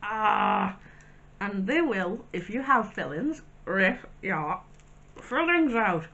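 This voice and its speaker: A woman's voice: mid-range voice, animated, slow, sharp tone, dull audio. Chatty woman reviewing snacks. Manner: chatty and wry, with asides. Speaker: vlogger. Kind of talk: casual snack review vlog.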